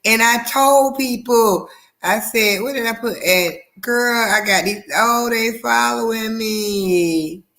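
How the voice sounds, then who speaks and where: A woman's voice: fairly high pitch, slow, a bit bright. A woman chatting casually on a video call, rambling and laughing easily.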